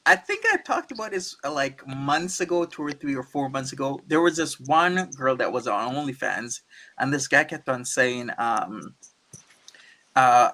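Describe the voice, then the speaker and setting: A man hosting a podcast in casual chat, telling stories with animated energy and frequent laughter. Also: medium pitch, normal speed, no room sound, rough recording. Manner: animated storyteller, laughing often. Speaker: podcast host.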